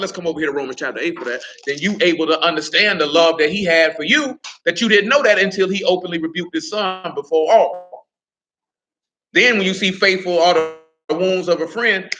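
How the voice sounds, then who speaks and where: A man with a bright, forceful voice pitched slightly high teaches Bible study in a loose, conversational way. He keeps calling on listeners by name and teasing them playfully between verses. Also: a little hiss or hum, poor audio.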